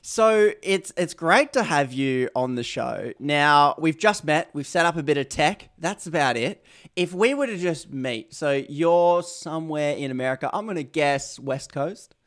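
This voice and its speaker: A man's voice: on the high side, expressive, measured pace, a bit bright. Aussie guy hosting a podcast, rambly and self-mocking, jokes a lot. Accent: Australian. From Australia. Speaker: podcast host. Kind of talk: casual interview chat.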